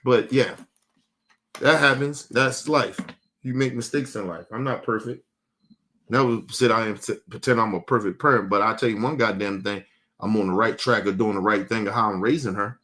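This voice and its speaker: A man's voice: on the low side, normal speed, sharp tone. Blunt, profane man ranting to chat. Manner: repeats and restarts words when heated. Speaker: livestream host. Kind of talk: casual rant to a live chat.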